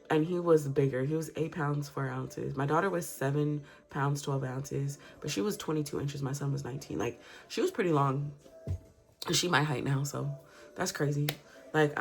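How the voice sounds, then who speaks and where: A young woman vlogger, telling a story in casual, profane chat and acting out the quotes. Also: low voice. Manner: candid and profane, acts out quotes.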